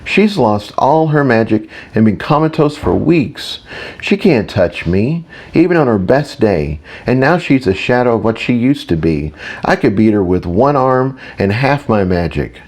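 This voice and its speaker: A man's voice: medium pitch, sing-song, measured pace, a little mellow. A man voicing a scornful, arrogant male mage who dismisses his rival.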